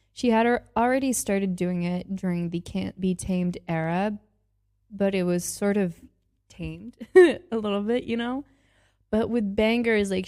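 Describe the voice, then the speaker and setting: A young adult woman hosting a podcast, giving casual, gushing reaction commentary full of excited exclamations. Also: mid-range voice. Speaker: podcast host.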